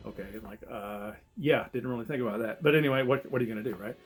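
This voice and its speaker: A man's voice: medium pitch, fast. A man casually telling a story to camera, rambling and restarting, swearing and chuckling often. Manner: rambling, self-interrupting, swears and laughs often. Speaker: vlogger telling a diving story.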